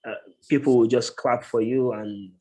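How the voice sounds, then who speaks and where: Man, interview guest, medium pitch, casual explaining, frequent filler pauses, call mic. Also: steady tone, dark tone. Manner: thoughtful, many filler pauses. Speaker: guest, tech professional.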